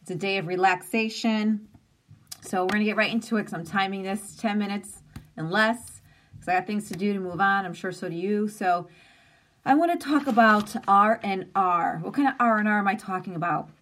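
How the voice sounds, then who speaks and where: A woman's voice: mid-range voice, normal speed, a bit bright. A woman in her forties hosting a casual live stream, talking earnestly and openly about feelings. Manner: earnest, open and conversational, with emphatic lists. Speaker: host of an inspirational live stream.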